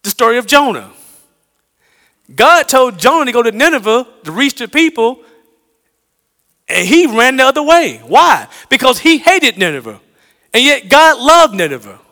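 A man from the American South preaching a sermon, swinging between loud emphatic lines and hushed low ones. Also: big pitch swings, moderate pace, pauses often, in a large hall.

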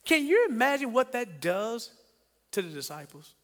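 A man preaching a sermon in an animated way, asking the congregation questions and acting out the voices he quotes. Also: extremely high pitch, normal speed, big-room sound. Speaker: pastor.

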